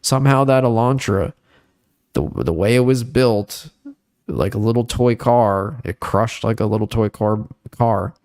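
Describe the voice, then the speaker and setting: A young man hosting a casual podcast, telling a story animatedly and jumping up in pitch at the dramatic moments. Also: measured pace, darkish tone, dry recording, clean studio sound. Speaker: podcast host.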